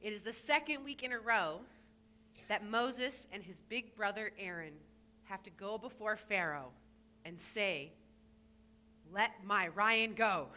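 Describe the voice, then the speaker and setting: A woman's voice: mid-range voice, measured pace, sharp tone, slight background noise. A woman rabbi giving a sermon to a young congregant in a synagogue, telling stories with playful asides. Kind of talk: sermon addressed to a bar mitzvah child. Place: synagogue sanctuary.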